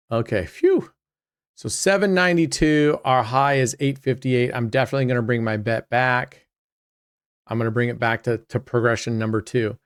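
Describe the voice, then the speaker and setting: A man's voice: mid-range voice, normal speed, smooth, dry recording, studio quality. A man hosting his own channel, chatting casually to viewers as he plays roulette, often trailing off mid-sentence. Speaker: host. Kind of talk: casual commentary while playing roulette.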